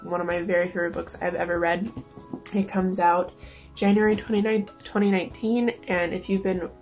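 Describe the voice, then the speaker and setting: A woman's voice: mid-range voice, a little mellow. A woman vlogger talking casually and emotionally, close to tears, with many fillers. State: near tears. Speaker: book vlogger. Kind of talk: casual vlog talk.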